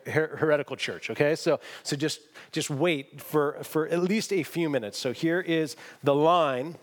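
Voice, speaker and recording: A man's voice: on the high side, long reverb tail. A man preaching a sermon as pastor, emphatic and self-deprecating as he tells a story to his church. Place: church sanctuary.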